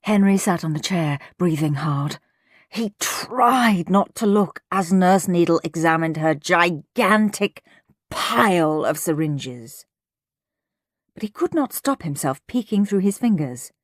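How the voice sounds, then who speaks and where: A woman narrating a children's storybook with unhurried, expressive delivery. Her pitch rises and falls a lot as she builds the story. The recording is close and dry, with no room sound. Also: no echo. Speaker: audiobook narrator.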